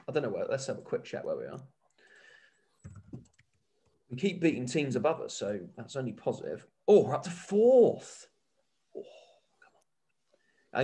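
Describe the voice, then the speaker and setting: Man, co-host, animated, rambling, casual chat, pitch jumps around. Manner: animated, excitable, rambling with restarts. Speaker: podcast co-host.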